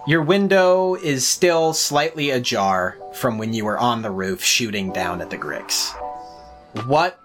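A woman narrating as game master in a tabletop game, in a relaxed, drawn-out way. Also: extremely low pitch. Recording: faint music behind.

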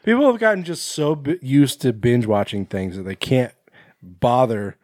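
A man's voice: mid-range voice, expressive, moderate pace, a little mellow, no room sound. A man co-hosting a podcast, reading a news item aloud and stumbling and laughing through it between profane jokes. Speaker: podcast co-host. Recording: dry close mic.

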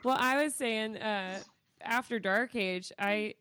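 A woman co-hosting a podcast in casual book chat, relaxed and hesitant, with fillers. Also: on the high side, slow, no echo. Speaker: podcast co-host.

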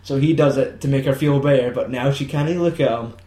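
Man, podcast co-host, sweary and giggly, mid-pitched, roomy echo. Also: steady tone, a little fast, mellow. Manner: sweary, laughing, acts out film lines in silly voices. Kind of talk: casual film chat.

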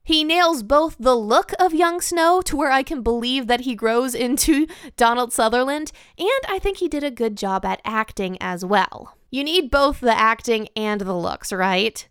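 A woman's voice: on the high side, expressive, measured pace, hardly any pauses, fairly bright tone, clean tone, no echo, studio quality. A woman hosting a podcast, giving a candid, opinionated film review with light laughs. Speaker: podcast host.

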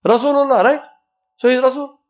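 A man giving a religious talk, emphatic and animated, acting out little quoted scenes. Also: very high voice, fairly quick. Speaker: preacher.

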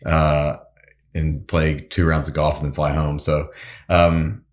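A man's voice: a bass voice, little pitch movement, takes it slowly. A man, a musician and pilot, telling casual anecdotes in an interview with lots of fillers and restarts. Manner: rambling, filler-heavy anecdotes.

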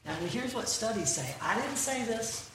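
A woman's voice: on the high side, sing-song, normal speed, a bit bright. A middle-aged woman telling folksy jokes with punchlines and quizzing the crowd, speaking to a church audience. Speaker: Christian comedic speaker. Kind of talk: comedic church talk. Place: large church hall. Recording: very echoey hall, distant mic, room noise.

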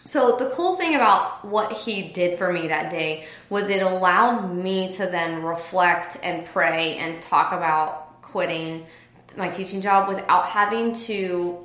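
A former teacher who now owns a business tells a personal story in a casual interview, animatedly acting out other people's voices in quoted dialogue. Her voice is on the low side and unhurried, recorded in an echoey room.

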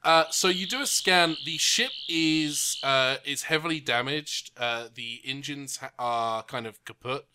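A man narrating as game master of a tabletop game, describing scenes in a relaxed way with many fillers. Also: medium pitch, a little slow, few pauses, clean tone.

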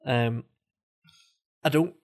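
A man's voice: medium pitch, drawn-out words, a little mellow. A man co-hosting a sports podcast, giving his opinions. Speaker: podcast co-host. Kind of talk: casual sports chat.

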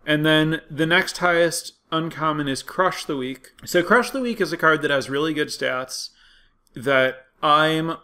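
A man's voice: on the high side, unhurried, bright, forceful tone, clear, resonant tone. A man giving casual, analytical commentary on card game statistics, thinking aloud with frequent fillers and restarts.

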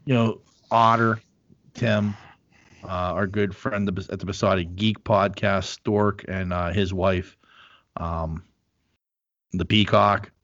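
A man's voice: low-pitched, fairly even intonation, slow, pauses often, a bit bright, no echo, highs cut off. A middle-aged man hosting a podcast, chatting casually with lots of fillers and swearing. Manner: rambling, profane, lots of fillers. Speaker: podcast host. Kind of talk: casual chat.

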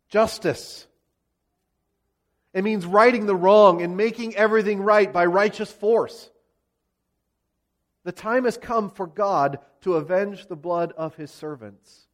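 Male preacher, higher voice than most men, retells scripture vividly for a sermon. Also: slow pace. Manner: vivid, dramatic storytelling of scripture. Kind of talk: expository sermon.

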